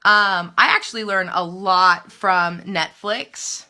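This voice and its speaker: A woman novelist in her thirties, chatting live to viewers with emphatic, animated writing advice and self-mocking asides. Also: medium pitch, slow. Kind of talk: live video chat answering viewer comments.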